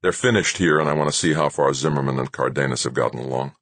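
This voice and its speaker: A man's voice: extremely low pitch, quick pace, fairly bright tone, no echo. A man voicing a determined, stubborn young man in an audiobook, close to his own voice.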